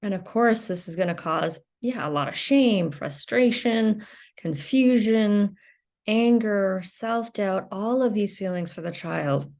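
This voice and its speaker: A woman's voice: fairly low pitch, a little mellow. A woman giving an unscripted educational talk for her video channel, explaining in a loose, conversational way and searching for her words as she goes. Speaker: video creator on emotional recovery.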